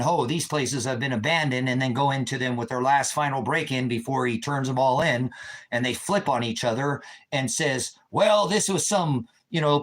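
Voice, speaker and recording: A man's voice: medium pitch, poor audio. A middle-aged man delivering an agitated, ranting monologue to his viewers. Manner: agitated, ranting, shouts in retold quotes. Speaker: ministry video host. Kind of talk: impassioned monologue.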